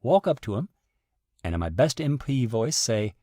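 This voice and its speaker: A man telling a story in a casual commentary, wry and animated, with sudden jumps in pitch. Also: moderate pace, no echo, studio quality. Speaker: video essayist recounting events.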